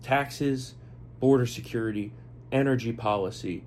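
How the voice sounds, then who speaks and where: A man co-hosting a podcast in casual political chat, opinionated and rattling off lists, a bit hoarse as he loses his voice. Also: mid-range voice, measured pace, a little mellow, a little hiss or hum. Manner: opinionated, talks in lists with fillers. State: losing his voice. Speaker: podcast co-host.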